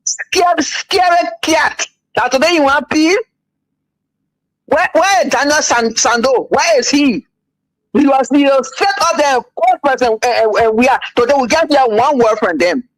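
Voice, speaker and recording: A man phones in to a radio show with a strikingly high voice, dry and close. He rants in halting, repetitive bursts, circling back to the same jab. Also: no room sound, rough recording. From Liberia. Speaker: radio caller. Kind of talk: phoned-in political rant.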